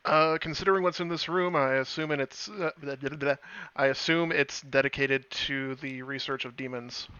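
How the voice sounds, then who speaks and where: A man taking part as a player in a tabletop game, laid-back and quick to laugh. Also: medium pitch, steady tone, bright, forceful tone, clean tone, highs cut off. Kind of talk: tabletop role-play.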